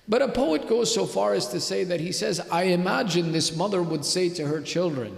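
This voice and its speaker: A man preaches in a mosque and tells stories dramatically, drawing out the emotional moments. His voice sits high and has a gravelly edge. The sound rings with the long echo of a large hall. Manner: dramatic storytelling with slowed emotional peaks. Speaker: religious speaker. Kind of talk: sermon. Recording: echoey reverberant hall.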